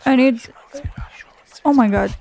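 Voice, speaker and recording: A woman's voice: fairly high pitch, slow pace, creaky, warm tone. A young woman commenting on a horror game as she plays, sarcastic and swearing often while talking to herself. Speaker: gaming video creator. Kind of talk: casual gameplay commentary.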